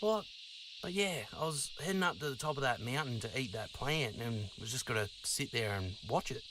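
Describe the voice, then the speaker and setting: A man voicing a slow, bewildered male dinosaur who stammers and trails off, over gameplay. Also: mid-range voice, animated, background noise, natural voice. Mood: dreamy. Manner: halting, stammering and confused.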